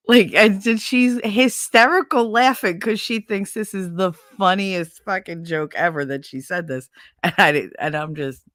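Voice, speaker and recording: A woman's voice: mid-range voice, normal speed, a bit bright, no echo, clean studio sound. A middle-aged woman hosting a casual livestream, telling a story with laughter, swearing and acted-out quotes. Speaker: livestream host. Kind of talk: casual storytelling chat with viewers.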